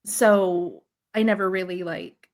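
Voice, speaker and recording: A woman's voice: fairly low pitch, fairly even intonation, takes it slowly. Woman host asking curious questions. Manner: encouraging, asks follow-up questions. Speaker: podcast host. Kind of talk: casual conversation.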